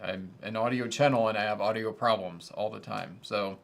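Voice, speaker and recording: A man's voice: on the low side, steady tone, moderate pace, creaky, a little hiss or hum. A man in his thirties hosting a casual livestream about audio gear, rambling and joking about himself. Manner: rambling, self-deprecating and chatty. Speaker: host of an audio gear channel.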